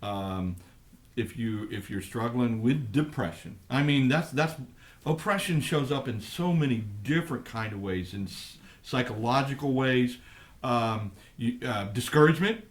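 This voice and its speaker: A middle-aged man, a pastor, talking on a live ministry program in a thoughtful, halting way with many restarts. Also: medium pitch, lively intonation. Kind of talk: live radio ministry talk.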